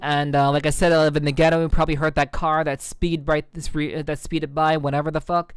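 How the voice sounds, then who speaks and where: Low-voiced woman streamer chatting loosely. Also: little pitch movement, fairly quick, clean tone, dry recording. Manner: rambling, lots of fillers and restarts, swears casually. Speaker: VTuber streamer. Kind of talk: casual stream chat reading comments.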